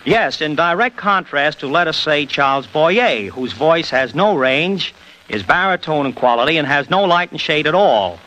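Radio mimic guest, bright, lively and joking, vintage interview sound. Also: male voice, on the high side, moderate pace, rough recording. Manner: jokey, explanatory.

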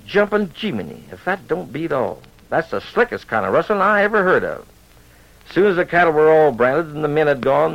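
A man spins a western yarn in a folksy cowboy drawl as a radio storyteller and host. His voice runs a little high with a gravelly edge. It comes through a dull old radio recording.

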